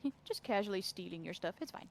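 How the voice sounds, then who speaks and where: A woman's voice: medium pitch, fast, gravelly. A woman co-hosting a gaming channel, chatting playfully and casually while playing. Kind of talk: casual let's-play chat.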